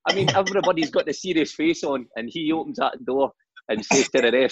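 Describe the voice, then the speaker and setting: Husky Scottish man telling stories. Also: medium pitch, brisk, highs cut off. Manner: animated anecdotes, laughing and swearing. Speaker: guest, former footballer and manager. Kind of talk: casual storytelling chat.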